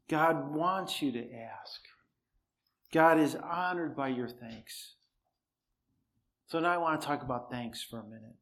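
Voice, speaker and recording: A man's voice: medium pitch, a little slow, pauses often, a bit bright. A man preaching, telling a personal story in an easy, conversational way with dry humor; he says he cannot raise his voice. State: cannot shout, voice strained.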